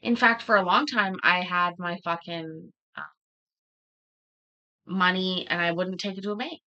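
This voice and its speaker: A woman's voice: fairly low pitch, fairly even intonation, a little slow, bright, forceful tone, dull audio. A woman hosting a casual livestream chat, telling stories with heavy swearing and acting out what other people said. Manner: profane, storytelling, acts out quoted voices. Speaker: livestream host.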